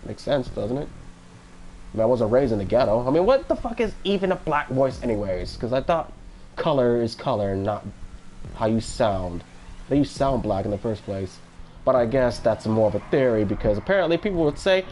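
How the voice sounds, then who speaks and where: A man's voice: medium pitch, sing-song, normal speed, darkish tone, a little hiss or hum. A man in his twenties from Florida chatting casually on a stream, rambling and joking with many restarts. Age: 20s. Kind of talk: casual live-stream chat.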